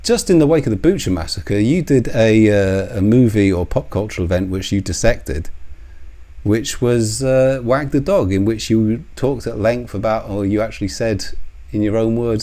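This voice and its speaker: A man's voice: lowish voice, normal speed, dark tone. A man delivering a sarcastic, accusatory commentary monologue to the camera, swearing now and then.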